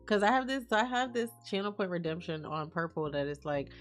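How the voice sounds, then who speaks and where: A woman's voice: fairly low pitch, lively intonation, a little fast, soft background music. A woman streaming live, chatting casually and reading out and answering messages from her chat. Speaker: livestreamer.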